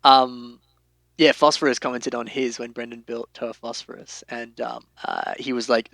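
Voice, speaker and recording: A man hosting a casual podcast chat, excitable and acting out the reactions he quotes. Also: medium pitch, moderate pace, gravelly, dry recording. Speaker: podcast host.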